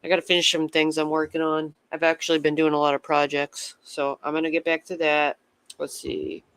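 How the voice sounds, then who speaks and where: A man's voice: on the high side, completely flat delivery, a little fast, a bit bright, clean tone, no room sound. A man chatting casually with viewers on his livestream, rambling from topic to topic and swearing freely.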